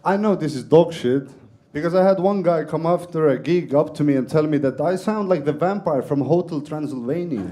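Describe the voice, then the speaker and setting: Young Estonian-accented male comic, deadpan self-mockery, high voice. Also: a little fast, slight background noise. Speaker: stand-up comedian. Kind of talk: stand-up set. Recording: live comedy club room.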